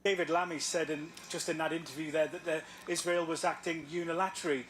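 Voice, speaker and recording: A man reporting the news in a measured, formal broadcast style. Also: fairly high pitch, fairly even intonation, a bit bright, a little hiss or hum. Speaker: news correspondent.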